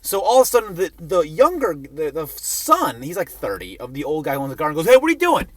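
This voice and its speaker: A young man with a fairly high voice tells a rambling comic story, his pitch bouncing all over as he swears and mocks himself. The sound is dry and close, with no room around it. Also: fairly quick, no room sound. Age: young adult. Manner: profane, self-mocking, animated. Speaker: vlogger telling a personal story.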